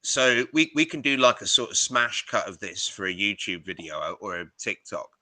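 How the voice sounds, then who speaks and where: A man co-hosting a film podcast, rambling and animated as he retells scenes, with casual swearing. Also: lowish voice, moderate pace, no room sound. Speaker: podcast co-host. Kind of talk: casual film-review chat.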